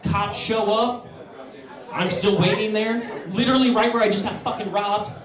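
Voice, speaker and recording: High-voiced man doing profane stand-up. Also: normal speed, roomy sound, far from the mic, crowd noise. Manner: animated, profane, acts out voices. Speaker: stand-up comedian. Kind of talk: stand-up storytelling.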